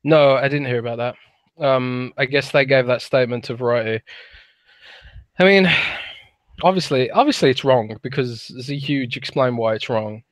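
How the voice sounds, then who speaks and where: A British man in his thirties talking casually on a podcast, at an ordinary middle pitch. He thinks aloud with frequent restarts, and his voice sounds dry and close to the mic. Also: normal speed, dry recording. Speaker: podcast co-host.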